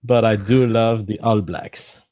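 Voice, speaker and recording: A man from France, a guest on a livestream, asking measured, curious questions in casual chat. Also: on the low side, fairly even intonation, dark tone, dry recording.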